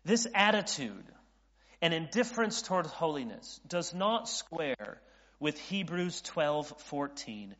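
A man's voice: on the high side, big pitch swings, slow, a bit bright. Guy in his late 30s preaching, earnest, keeps restarting lines, long echo in a big hall, kinda muffled audio. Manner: earnest, with frequent restarts and rising intensity. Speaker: pastor. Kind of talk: sermon. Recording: dull audio in a reverberant hall.

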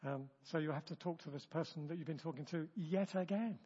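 A man with a husky voice leading a church training session in a chatty, self-interrupting way, acting out example remarks. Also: on the high side, fairly quick, dark tone. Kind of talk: informal teaching talk. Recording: dull, long-reverb room recording.

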